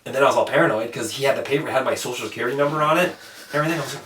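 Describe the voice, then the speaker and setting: A man's voice: mid-range voice, racing, reverberant, distant mic, background noise. A man hosting a podcast, telling a rambling story in casual chat, swearing and acting out the people he quotes. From Alaska. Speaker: podcast host.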